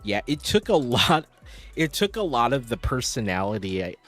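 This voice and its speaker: A man's voice: medium pitch, sing-song, normal speed, soft background music. A man chatting casually on a live stream, rambling as he answers viewers' chat.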